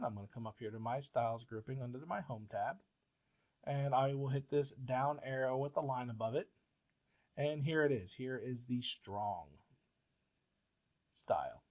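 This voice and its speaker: A male professor walking through a word processing tutorial step by step, patient and plain, with frequent filler sounds. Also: mid-range voice. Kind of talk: software tutorial walkthrough.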